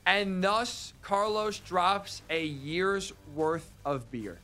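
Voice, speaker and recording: High-voiced man ranting on sports radio. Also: expressive, extremely slow, pushed and bright, faint music behind. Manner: incredulous, ranting storyteller. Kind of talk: sports talk radio chat.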